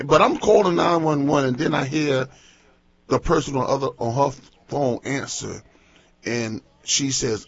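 A pastor hosts a morning radio broadcast with a gravelly, slightly husky voice. He talks in a folksy, casual way, repeating himself as he tells stories. The sound is muffled and lo-fi. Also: mid-range voice, a little slow. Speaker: pastor and radio show host.

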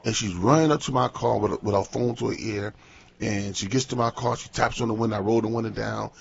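A man's voice: on the low side, steady tone, fairly quick, creaky, slightly rough. A man, a pastor hosting a morning radio show, chatting casually and telling a story with lots of repeated words. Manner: folksy, repeats words, tells stories animatedly. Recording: muffled lo-fi radio broadcast.

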